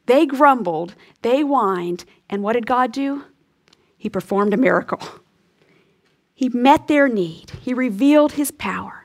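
Earnest woman teaching scripture, soft-voiced. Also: a little high. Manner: earnest, often drops to a soft breathy hush for emphasis. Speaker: Bible teacher. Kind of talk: radio Bible teaching ending in prayer.

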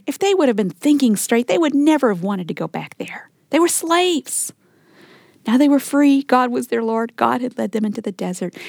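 Female Bible teacher, middle-aged, mid-high voice, dry recording; sermon delivery with acted quotes and whispered asides. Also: a little mellow, dry recording. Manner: acts out quoted complaints in raised voice.

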